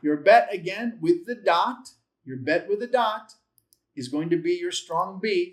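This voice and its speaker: A man teaching Bible Hebrew speaks in a fairly high-pitched, expressive voice as he leads a patient, step-by-step lesson in classroom style. Letters are sounded out slowly and syllables repeated several times over. He catches his own slips and pokes light fun at himself.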